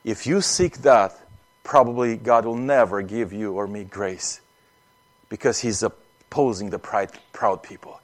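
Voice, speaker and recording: A man's voice: fairly low pitch, measured pace. A man preaching an earnest sermon, often acting out prayers and repeating words as he speaks.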